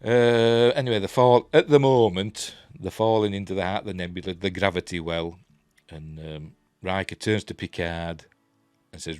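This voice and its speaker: Yorkshire man, very low voice, rambling casual review, filler-heavy, faint music behind. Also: steady tone, moderate pace, darkish tone, clear, resonant tone, dry recording. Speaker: TV review vlogger.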